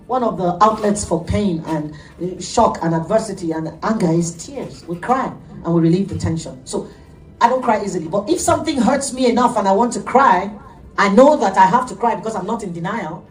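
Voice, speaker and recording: Animated woman preacher, echoey room. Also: medium pitch. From Nigeria. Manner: animated storytelling preacher, laughs often. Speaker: pastor. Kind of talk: sermon. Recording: echoey room, heard from a distance.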